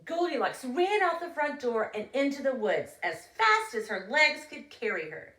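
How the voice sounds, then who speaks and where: A young adult woman reading a children's story aloud with a slow, expressive, animated delivery, recorded in a roomy space a little way off from the mic. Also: fairly high pitch. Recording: roomy, from a distance.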